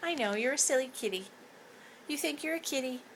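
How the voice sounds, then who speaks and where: Woman cooing baby talk, high lively. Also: brisk, slight background noise. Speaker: pet owner. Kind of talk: talking to a pet parrot. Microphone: phone held close.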